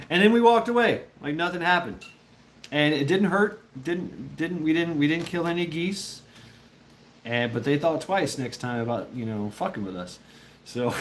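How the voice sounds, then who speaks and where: Chatting casually with viewers on his livestream, a man spins a profane, rambling story, frequently laughing. His voice is on the high side with big pitch swings and a moderate pace, and there is slight background noise.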